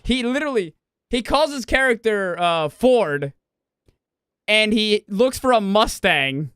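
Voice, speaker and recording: Animated high-voiced man rambling on stream. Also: unhurried, smooth, no echo, clean studio sound. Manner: rambling, profane, laughing, self-correcting. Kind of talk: casual gaming stream chat.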